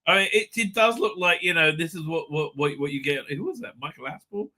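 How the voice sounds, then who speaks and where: A man's voice: fairly high pitch, animated, brisk, a loud crowd. A man from Britain hosting a casual live stream, rambling with frequent restarts and swearing. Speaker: livestream host.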